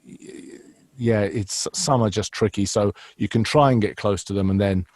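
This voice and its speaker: A man's voice: on the low side, moderate pace, a little mellow, dry recording, studio quality. A man, an impressionist and voiceover artist, chatting casually in an interview with rambling, restarting sentences. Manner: rambling, restarts, frequent fillers.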